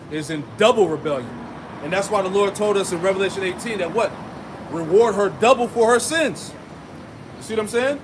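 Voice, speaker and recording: A man's voice: high-pitched, background noise. A man preaching a street sermon, reading scripture and adding emphatic asides with rhetorical "right?" and "man.".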